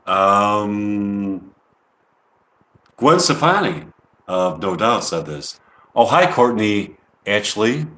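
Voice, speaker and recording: A man's voice: medium pitch, fairly bright tone, echoey room. A man rambling through an improvised comedy monologue, hesitant and full of ums. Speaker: comedian live-streaming.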